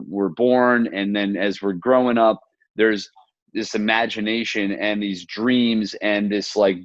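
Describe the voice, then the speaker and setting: A podcast host at an ordinary pitch leads a relaxed video-call conversation, earnest and reflective, drifting into little stories with quoted asides. The audio is dry, a bit dull, and lo-fi like a home setup, with no room sound.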